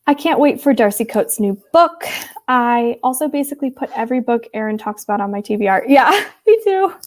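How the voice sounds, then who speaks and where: A woman in her twenties from Wisconsin, USA, hosts a livestream, chatting casually with viewers in a high, brisk voice. Her Upper Midwest accent carries some Texas Southern twang, and she rambles with lots of ums and likes while reading out chat comments.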